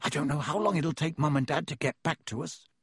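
A man voicing an excitable young teen wizard boy who talks in eager, urgent bursts. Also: fairly high pitch, brisk, husky, no echo, studio quality, exaggerated voice. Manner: eager, urgent, breathless chatter.

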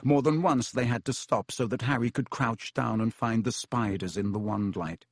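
Male audiobook narrator, measured, dry studio read. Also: mid-range voice, steady tone, slightly rough, dry recording. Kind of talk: scripted narration.

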